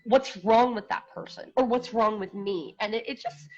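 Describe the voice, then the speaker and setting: Interview guest: outspoken woman, a bit high-pitched, blunt and rambling, dull lo-fi audio. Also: normal speed. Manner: outspoken, blunt, repeats herself while searching for words. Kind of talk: casual live-stream interview. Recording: dull lo-fi sound.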